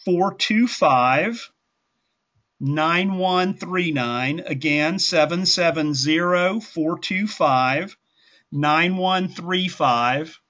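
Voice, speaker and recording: Man leading a group call, slightly high voice, folksy and rambling, dull lo-fi line audio. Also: extremely slow, pushed and bright. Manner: rambling, self-correcting, folksy. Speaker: instructor hosting a group call. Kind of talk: conversational teaching call.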